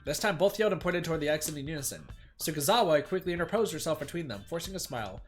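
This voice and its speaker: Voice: mid-range voice, animated, rapid-fire, soft background music. Chatty streamer reading a game aloud. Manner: chatty asides, self-mocking. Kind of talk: reading a visual novel aloud with commentary.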